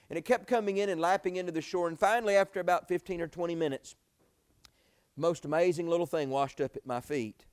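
A man's voice: fairly high pitch, brisk, a little mellow. A middle-aged man preaching a sermon, telling a folksy personal story that climbs to pleading, emotional peaks.

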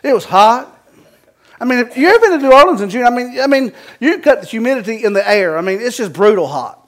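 A man's voice: extremely high pitch, lively intonation, quick pace, fairly bright tone. A man from the Carolinas with a Southern accent, preaching a sermon as pastor in a folksy, joking storytelling way.

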